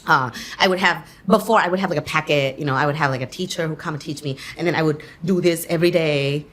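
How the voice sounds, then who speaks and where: A Thai-born woman whose first language is Thai, chatting in an interview as a guest, animated and quick to laugh, with plenty of fillers. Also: deep voice. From Thailand. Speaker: actor and guest. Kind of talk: casual interview chat.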